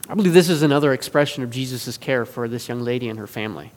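A man preaching a sermon in an earnest way, moving between forceful and hushed delivery. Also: medium pitch, fast. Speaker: pastor. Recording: long reverb of a large hall.

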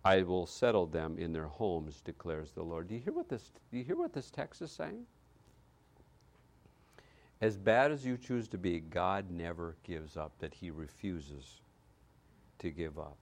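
A man preaching a sermon, reading scripture with dramatic swings between loud declaration and hushed quiet. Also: low voice, sing-song, a little slow. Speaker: pastor.

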